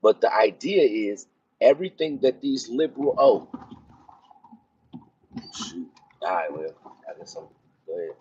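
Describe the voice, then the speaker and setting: Here a male military officer rambles conversationally while driving onto base, using lots of fillers. His voice is on the low side and expressive, a little slow and often pausing, darkish in tone with a touch of hiss or hum over a dull lo-fi recording.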